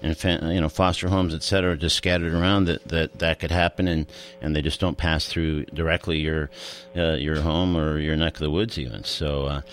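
A man's voice: a bass voice, steady tone, moderate pace. A man hosting a radio talk show, speaking in a conversational, hesitant way as he searches for words, and reading the news aloud. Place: radio studio.

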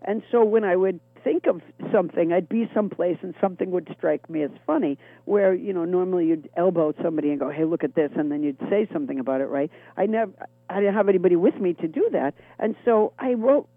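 A middle-aged woman comedian with a deep, gravelly voice and a chronic cough, chatting in a wry, rambling, self-deprecating way as an interview guest. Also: animated, fast talker, dry recording. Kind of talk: phone interview chat. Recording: tinny phone line.

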